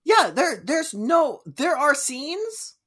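A woman's voice: high voice, big pitch swings, takes it slowly, fairly bright tone. A woman co-hosting a casual film podcast, enthusiastic and jokey, often breaking into laughter. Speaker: podcast co-host. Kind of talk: casual film-review chat.

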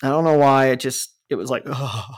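A man with a northern US accent telling stories in a casual, animated chat, swearing and laughing as he goes. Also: medium pitch, fast. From northern United States.

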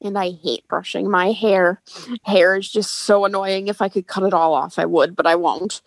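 A woman's voice: medium pitch, fairly even intonation, moderate pace, vocal fry, no echo. A woman giving an exasperated comic rant over a video call. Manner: exasperated complaining. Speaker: game participant.

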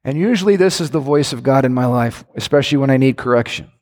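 A man preaching a sermon as a pastor, animated, with sudden shouts and playful impressions. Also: medium pitch, fast talker. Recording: long church hall reverb.

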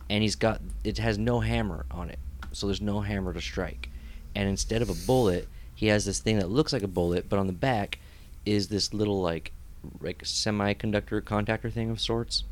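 Man, low voice, animated joking storyteller, casual podcast chat, faint room hum. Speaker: podcast co-host.

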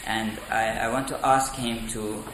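A man giving a spoken lecture on poetry, deliberate and halting with many fillers. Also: fairly low pitch, flat delivery, noisy background. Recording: echoey room.

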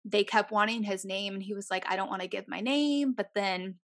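Animated young woman retelling a story. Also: medium pitch, fairly quick. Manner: animated storytelling, acts out quoted people, swears freely. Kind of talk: casual true-crime chat.

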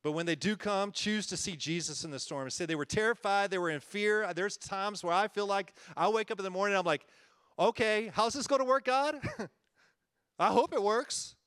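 A man's voice: sits high, a little fast, fairly bright tone, clear, resonant tone, no echo, clean studio sound. A man preaching a conversational sermon as a church-planting pastor, earnest and folksy, often chuckling and repeating himself.

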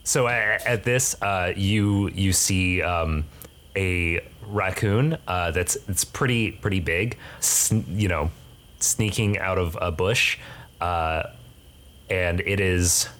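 A man's voice: sits low, slow pace, fairly bright tone, slight background noise. A young man narrating a tabletop game as game master, hesitant, with many fillers and restarts.

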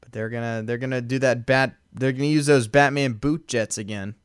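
A relaxed man co-hosting a podcast, his voice smooth and clear. He chats loosely over a movie, chuckling and drifting into fillers. The sound is close and dry, with no room around it. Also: medium pitch, fairly quick, no echo. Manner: laid-back, chuckling, trailing off with fillers. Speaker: podcast co-host. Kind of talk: casual movie commentary chat.

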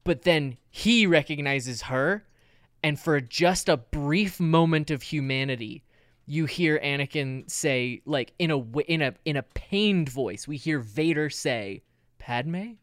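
A man's voice: a little high, a little slow, a bit bright, dry recording. A man co-hosting a casual podcast, telling stories emphatically and swearing freely. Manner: profane, emphatic storytelling. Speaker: podcast co-host. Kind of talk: casual fan chat.

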